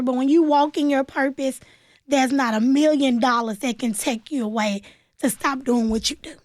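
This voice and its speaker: A woman being interviewed on radio about her life as a nonprofit founder speaks plainly and animatedly, performing the voices she quotes. She has a high voice at normal speed, with a dry, clean studio sound.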